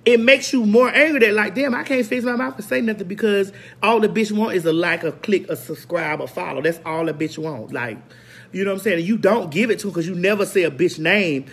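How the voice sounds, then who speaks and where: A woman's voice: mid-range voice, fairly quick, gravelly, slightly rough. A woman hosting her own online show in a brash, profane, unscripted rant to viewers, hammering single words over and over.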